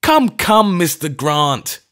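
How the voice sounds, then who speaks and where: A man doing a high, panting old vicar. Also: a little slow, heavily acted. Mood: panting, gleeful. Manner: high, breathless, excited pleading. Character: elderly male vicar, flustered then gleeful.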